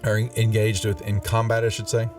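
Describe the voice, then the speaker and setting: A man running a tabletop game as game master, chatty and quick to laugh, often stopping to restart his sentences. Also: fairly low pitch, completely flat delivery, a little mellow, recorded from a distance, soft background music.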